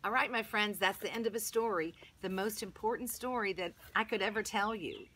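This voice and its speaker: A woman teaching Sunday school, telling a Bible story to young children in an expressive storytelling voice. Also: mid-range voice, fairly quick, slight background noise.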